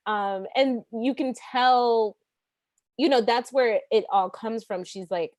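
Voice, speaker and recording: A woman's voice: on the high side, takes it slowly, a little mellow, no room sound. Enthusiastic woman on a dry mic. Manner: enthusiastic, laughs often, mimics characters. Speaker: panelist. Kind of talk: casual video-call discussion.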